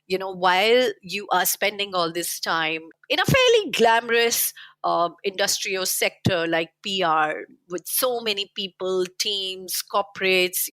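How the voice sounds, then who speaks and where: A woman's voice: mid-range voice, expressive, measured pace, a bit bright, dry recording. A woman hosting an interview, asking long, winding, probing questions. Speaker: podcast host.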